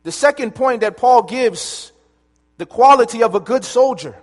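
Guy preaching a sermon, really high voice, telling stories and asking the crowd yes or no, echoey hall. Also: moderate pace. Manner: lively storytelling, calls for audience answers.

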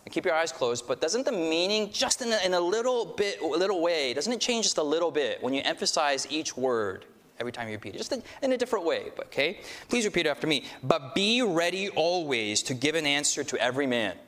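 A male pastor delivers a sermon with a slightly raised pitch, guiding the congregation through call-and-response lines. He mixes in self-deprecating humor. His voice rings out in a hall with a long reverb tail. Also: sing-song, a little fast, fairly bright tone.

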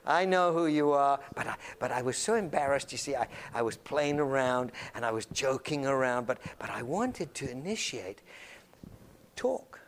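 A man's voice: mid-range voice, lively intonation, moderate pace, a little hiss or hum. A man giving an anecdotal classroom lecture, acting out little dialogues and often repeating words as he talks. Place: lecture room filmed on camera.

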